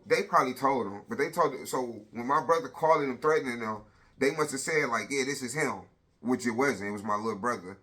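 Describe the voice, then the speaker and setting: Bright-voiced man telling a blunt story. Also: medium pitch. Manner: blunt, profane, animated retelling. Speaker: father telling his story. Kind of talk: casual storytelling vlog.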